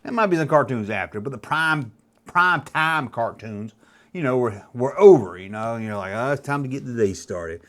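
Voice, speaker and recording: A man's voice: mid-range voice, lively intonation, normal speed, a bit bright. A man in his fifties hosting a video, rambling in a casual, chatty way as he reminisces. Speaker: YouTube host. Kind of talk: casual nostalgic monologue.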